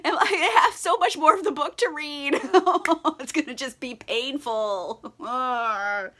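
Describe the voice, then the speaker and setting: A woman's voice: sits high, takes it slowly, sharp tone. A young woman in a casual book vlog, tipsy, sarcastic and swearing freely as she rants about a novel. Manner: sarcastic, profane and giggly. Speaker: book vlogger. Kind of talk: casual book review chat.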